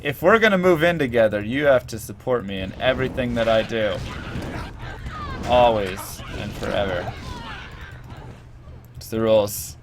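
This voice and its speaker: A man's voice: medium pitch, lively intonation, moderate pace, long pauses, noisy background. A man streaming a video game, chatting casually with a friend, joking and laughing a lot. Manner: jokey, laughs often, playful teasing. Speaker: streamer co-host. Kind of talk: casual gaming chat.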